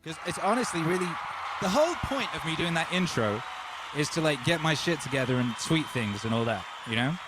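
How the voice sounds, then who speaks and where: A man in his forties from England, hosting a home livestream in an excitable, rambling way, talking into a microphone run through a DJ mixer. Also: fairly high pitch, brisk, crowd noise, noisy background. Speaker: livestream host and DJ. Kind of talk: casual livestream chat. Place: home studio. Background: faint music bed.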